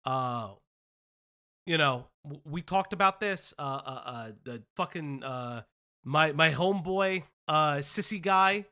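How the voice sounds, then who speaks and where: Animated, swearing woman stream host. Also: sits low, slow. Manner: blunt, swears often, animated. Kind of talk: casual commentary.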